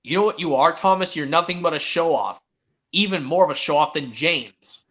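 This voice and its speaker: A man's voice: a little high, moderate pace, a bit bright, muffled recording, lightly acted. A man voicing a proud, boastful big male engine from a cartoon, scolding emphatically.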